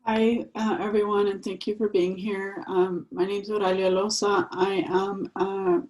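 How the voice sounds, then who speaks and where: A woman public health researcher joins a panel over a video call and introduces her work. She speaks at a middling pitch with hesitant ums between her phrases. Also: expressive, normal speed, darkish tone, poor audio.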